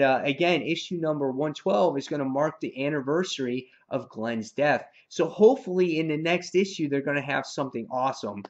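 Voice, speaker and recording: A man's voice: mid-range voice, lo-fi sound. A man casually reviewing a comic book on video, rambling with lots of fillers and slang.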